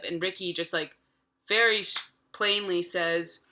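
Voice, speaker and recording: A woman's voice: on the low side, fairly even intonation, a little slow, pushed and bright. A woman in her thirties casually retelling a film from memory, chatty and profane, full of filler words. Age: 30s. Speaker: vlogger.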